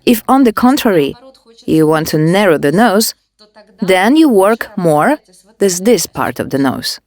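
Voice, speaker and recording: A woman demonstrating a facial care technique, giving calm step-by-step instructions. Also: fairly low pitch, measured pace. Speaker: beauty device instructor.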